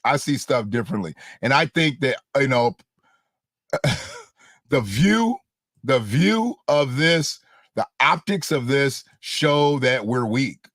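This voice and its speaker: Very animated yet slow, this male host riffs on politics in a casual, blunt, slangy style, mocking things, repeating phrases for emphasis and chuckling at his own jokes. He has a medium-pitched, fairly bright voice in clean, echo-free studio audio.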